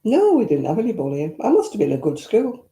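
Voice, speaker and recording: This older woman, a vlogger from Northern England, has a warm, medium-pitched voice that swoops wildly as she talks a little fast. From her echoey room at home she reminisces, answers viewer comments, and makes blunt asides.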